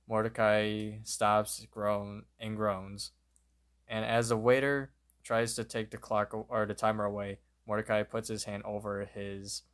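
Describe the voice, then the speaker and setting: A man co-hosting a podcast, retelling a cartoon episode scene by scene in a plain, steady way. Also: fairly low pitch, clear, resonant tone. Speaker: podcast co-host. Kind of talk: episode recap narration.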